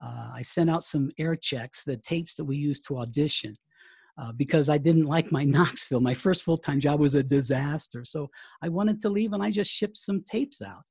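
Gravelly American man telling stories. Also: a little high, normal speed, darkish tone, no echo, clean studio sound. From United States. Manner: storytelling, chatty, with laughs and restarts. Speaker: interview guest, writer and former radio broadcaster. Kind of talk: casual interview chat.

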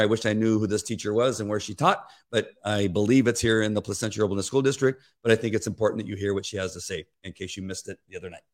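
A man hosting a commentary show, talking in an earnest, rambling way. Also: lowish voice. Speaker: host. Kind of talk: casual spoken commentary.

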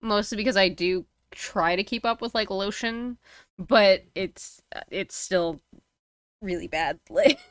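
A woman's voice: mid-range voice, measured pace, no room sound. A woman co-hosting a casual podcast, chatty and blunt, laughing easily and swearing. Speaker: co-host and streamer.

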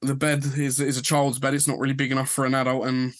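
A man's voice: medium pitch, completely flat delivery, fast, no room sound. A man telling his own story as a podcast guest, full of reported dialogue. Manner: recounts events with lots of reported dialogue. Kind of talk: conversational storytelling.

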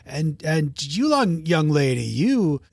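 A man's voice: a little high, big pitch swings, creaky, a little mellow, no room sound, full character voice. A man doing a rambling friendly old doctor. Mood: grateful. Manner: rambling, halting. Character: friendly old male scientist, rescued.

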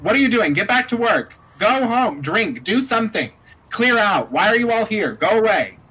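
A man voicing a brisk, bossy woman leader who hurries people along with quick repeated orders. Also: on the high side, fairly bright tone, breathy edge, pitched above the performer's own voice, rough recording. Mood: shooing.

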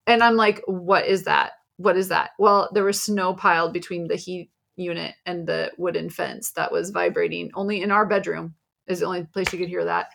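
A woman's voice: fairly low pitch, fairly even intonation, brisk, gravelly, fairly bright tone. A middle-aged woman co-hosting a casual podcast with her daughter, telling rambling, exasperated stories about home life. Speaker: podcast co-host, mother. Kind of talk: casual chat.

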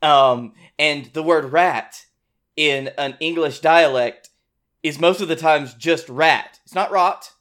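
A man in his twenties co-hosts a laid-back podcast, his fairly high, slightly bright voice moving at a slow pace. He reminisces thoughtfully, wandering a bit with lots of fillers and restarts as the casual chat unfolds.

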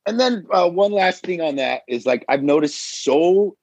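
Gravelly animated man on a podcast. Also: on the high side, unhurried, dry recording. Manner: animated, acts out quoted voices, says dude and bro. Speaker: podcast guest, firefighter and father. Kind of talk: casual podcast chat.

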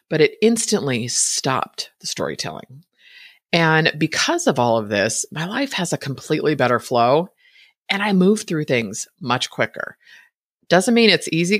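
A woman's voice: very deep voice, fairly bright tone, no echo, studio quality. A middle-aged woman hosting a podcast, talking casually and chattily, laughing often and checking in with "right?". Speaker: podcast host. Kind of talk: casual solo talk.

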